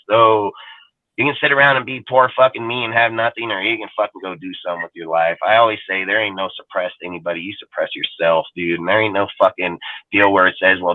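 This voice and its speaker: A man's voice: fairly low pitch, no echo. Dude ranting in his car, swears nonstop, says bro a lot, phone-line sound, super dry. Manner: blunt, heavy swearing, repeats "bro" and "dude". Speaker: podcast host. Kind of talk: profane fan rant on a live stream. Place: inside a parked car in freezing weather. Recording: dry, tinny phone-quality audio.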